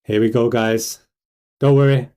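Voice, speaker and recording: A British man hosting a casual livestream, talking fast and hyped and firing questions at his chat. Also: mid-range voice, steady tone, warm tone, clean tone. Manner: hyped, rhetorical, keeps asking the chat questions. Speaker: livestream host.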